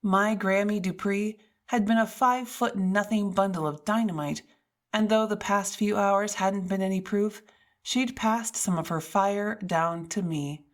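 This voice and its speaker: A woman's voice: mid-range voice, a little slow. A woman narrating a first-person audiobook in a wry, self-mocking storytelling manner.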